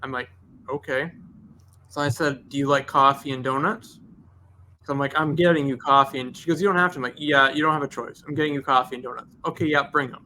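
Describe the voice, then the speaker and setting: A man's voice: mid-range voice, quick pace, slight background noise. A man, a detailing shop owner telling a long story on a podcast and acting out both sides of the dialogue. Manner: animated, acts out both sides of conversations.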